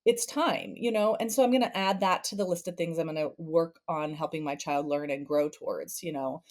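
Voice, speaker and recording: A woman's voice: low-pitched, a little fast, a little mellow. A woman therapist and podcast guest giving conversational parenting advice, acting out family scenes with playful voice shifts.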